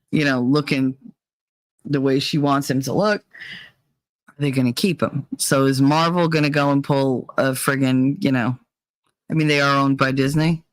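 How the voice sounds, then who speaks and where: A woman's voice: low voice, no room sound. Woman host ranting casually, swears a lot, dry close sound. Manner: blunt, profane storytelling. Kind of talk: casual chat.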